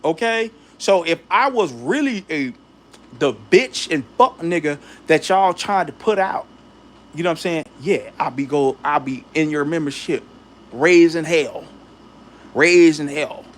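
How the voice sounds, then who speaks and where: A man's voice: fairly high pitch, measured pace. A man ranting in a casual vlog, talking straight to his viewers with slang and heat. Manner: animated, heated, addresses viewers directly with slang. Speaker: channel host.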